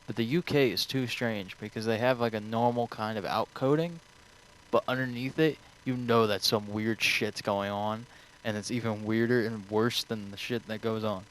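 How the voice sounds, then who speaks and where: A man's voice: lowish voice, fairly even intonation, moderate pace, fairly bright tone, poor audio. A young man streaming, answering viewer questions in a rambling, offhand way full of swearing. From United States.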